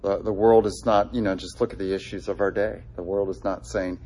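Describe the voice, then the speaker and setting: Man preaching a conversational sermon, low voice. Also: steady tone, a little fast, few pauses, warm tone. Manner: conversational, many "um"s and restarts; quotes scripture with feeling. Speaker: pastor.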